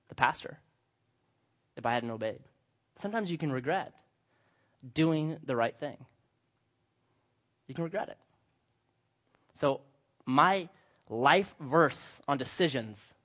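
A middle-aged man preaching a sermon as pastor, telling stories with animated quoted voices. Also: on the high side, muffled recording.

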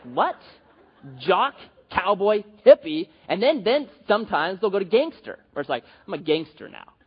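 A man's voice: high-pitched, husky. A man preaching a sermon in a joking, conversational way, with many restarts and asides. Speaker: pastor. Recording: dull, reverberant hall recording.

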